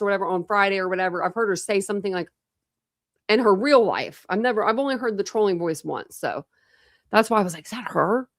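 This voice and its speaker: A woman's voice: medium pitch, lively intonation, quick pace, fairly bright tone, no room sound, clean studio sound. A woman chatting casually on a true crime live stream, rambling with lots of fillers and talking to her chat.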